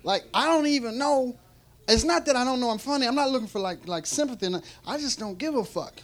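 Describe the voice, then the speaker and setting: A man's voice: extremely high pitch, expressive, fast talker, a little hiss or hum. A man doing a stand-up set on a club stage, rambling and profane and laughing between lines, his mouth gone dry. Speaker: stand-up comedian. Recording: live club recording with loud crowd. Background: audience reacting.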